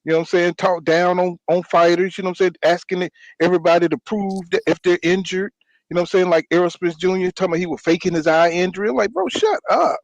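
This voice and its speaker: Boxing podcast host, male, high-pitched, fired-up and slangy, recorded dry. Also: level tone, fast, dry recording, poor audio. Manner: ranting, repeats "you know what I'm saying". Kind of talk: heated casual boxing talk.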